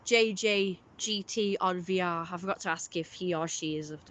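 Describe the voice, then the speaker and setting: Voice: mid-range voice, normal speed, a bit bright. A streamer, rambling through a casual live-stream story with lots of fillers.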